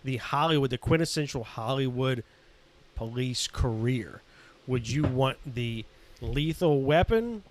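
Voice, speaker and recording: A man's voice: medium pitch, lively intonation, unhurried, a little hiss or hum. A man co-hosting a casual podcast, talking in an enthusiastic, emphatic way. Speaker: podcast co-host.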